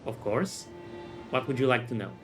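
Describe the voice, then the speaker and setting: A man's voice: medium pitch, moderate pace, music in the background, lightly acted. Man reading a prim, flustered rich lady. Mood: genteel. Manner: prim, genteel. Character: fussy well-to-do lady, polite and flustered.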